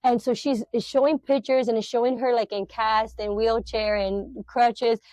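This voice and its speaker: A middle-aged woman, a podcast guest, telling a personal faith testimony in an animated, emotional, filler-heavy way. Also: fairly high pitch, normal speed, no echo.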